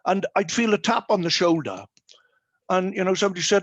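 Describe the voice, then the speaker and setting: A man with a fairly high voice tells humorous stories over a video call. He fills his talk with ums and uhs, and the sound is dry and close. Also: animated, a little fast, fairly bright tone, no room sound. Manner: humorous storytelling with many fillers. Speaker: guest speaker. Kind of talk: anecdotal talk at an online meeting.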